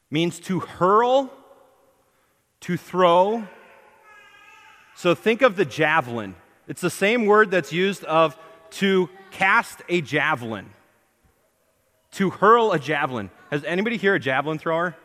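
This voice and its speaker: A man's voice: sits high, lively intonation, takes it slowly, long pauses, bright, forceful tone. A man preaching a sermon to his congregation, emphatic, asking them questions and acting out the lines he quotes. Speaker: pastor. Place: church hall. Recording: long hall reverb.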